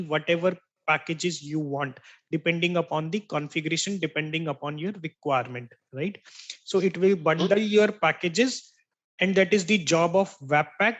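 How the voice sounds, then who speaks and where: Male tech trainer with a high voice, explains patiently, repeats key terms, keeps asking "right?". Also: normal speed, fairly bright tone, muffled recording. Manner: explanatory, checks in with "right?" after each point. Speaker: software instructor. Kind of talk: online tech training lecture.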